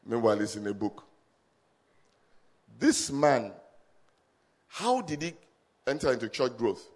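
Middle-aged pastor preaching with call-and-response. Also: male voice, medium pitch, very animated, measured pace. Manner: call-and-response, swings from quiet storytelling to loud emphatic peaks. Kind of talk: sermon. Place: church service with a congregation.

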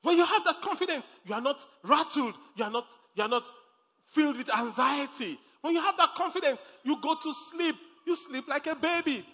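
A pastor preaching a sermon, emphatic, repeating phrases and breaking into laughs. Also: male voice, very high voice, lively intonation, a little fast, pushed and bright. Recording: long hall reverb.

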